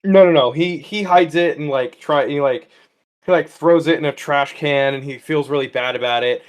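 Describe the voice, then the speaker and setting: A man's voice: a little high, moderate pace. A man co-hosting a loose comedy podcast, telling a story in a rambling way. He slips into the characters' voices for quoted lines. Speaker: podcast co-host. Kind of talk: casual comedic chat.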